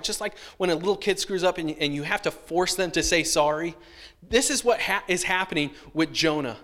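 Animated man preaching in a reverberant hall. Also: fairly high pitch. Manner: animated storytelling, acts out childhood voices. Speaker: pastor. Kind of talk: sermon with personal story.

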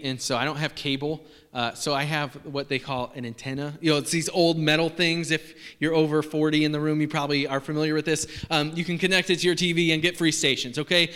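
Bright guy preaching, chatty and jokey, lots of ums, big echoey church hall. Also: fairly high pitch, smooth. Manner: casual, joking, many fillers. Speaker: pastor. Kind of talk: sermon. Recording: long reverb of a large hall.

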